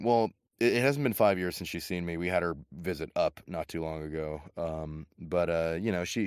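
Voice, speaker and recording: A voice actor from the United States chats casually as a podcast guest, telling stories animatedly and laughing a lot. His voice sits low with a clear, resonant tone, recorded at studio quality with no echo.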